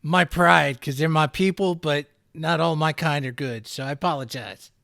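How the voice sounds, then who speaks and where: Sheepish goblin bard for an online D&D game, a man playing him, slightly high and dry. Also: normal speed, creaky, a bit bright, no echo. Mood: apologetic. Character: apologetic male goblin bard.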